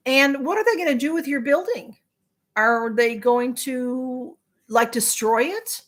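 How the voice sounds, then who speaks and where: A woman with a high-sitting voice speaks at a measured pace as she hosts a casual live stream. She reads viewer comments aloud and answers them sympathetically, with frequent ums and restarts along the way.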